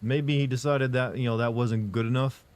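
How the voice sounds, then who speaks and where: A man streaming live who answers chat in a casual, monotone, rambling way, full of fillers and restarts. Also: mid-range voice, normal speed. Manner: monotone, flat delivery.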